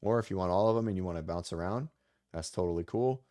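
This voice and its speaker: A man with a very low voice hosts a relaxed livestream from home. He talks in a loose, rambling way, drops in the odd curse, and keeps the chat casual as a fitness coach. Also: fast talker, no echo, studio quality. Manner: loose, rambling, with mild swearing. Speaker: fitness coach hosting a live show.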